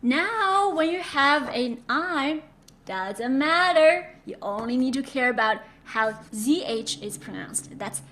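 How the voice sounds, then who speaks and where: A woman from China teaching a Mandarin pronunciation lesson, drilling sounds slowly with repeated examples. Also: sits high, lively intonation, a bit bright. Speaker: Chinese language teacher.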